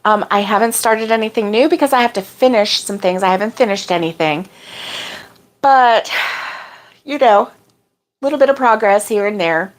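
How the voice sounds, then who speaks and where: Chatty woman hosting a crochet livestream. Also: medium pitch. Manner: chatty, warm-hearted, drawn-out exclamations. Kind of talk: casual chat reading viewer comments.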